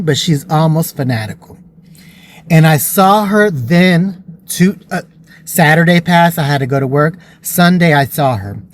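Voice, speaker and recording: Vlogger, male, somewhat high voice, candid and earnest storytelling. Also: a little hiss or hum. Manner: earnest and emotional.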